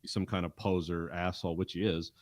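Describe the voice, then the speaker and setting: A man with a fairly low voice talks loosely and conversationally as a podcast co-host, circling through his points with plenty of fillers. The sound is dry and close, with no room around it. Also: level tone, a little fast, no echo. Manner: rambling, conversational, with frequent fillers. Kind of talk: casual chat recapping a TV episode.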